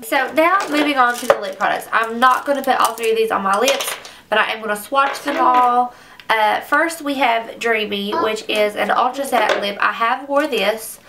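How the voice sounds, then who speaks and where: Young woman gushing over makeup, gravelly voice, a bit far from the mic. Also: a little high, moderate pace, background noise. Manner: chatty, gushing, says "like" often. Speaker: beauty vlogger. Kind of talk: casual makeup review. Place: makeup room at home.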